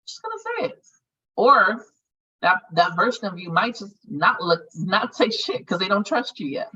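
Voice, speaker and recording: A woman's voice: mid-range voice, unhurried, sharp tone, husky, recorded from a distance, highs cut off. A woman leading a healing circle, talking casually and frankly about meditation, swearing freely as she goes. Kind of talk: casual group guidance on meditation.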